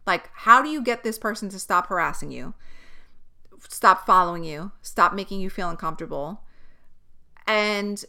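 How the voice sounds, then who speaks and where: A woman's voice: mid-range voice, animated, normal speed, pauses often, sharp tone. A young woman hosting a podcast, venting in an exasperated, profane way. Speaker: podcast host. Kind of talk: candid solo podcast monologue.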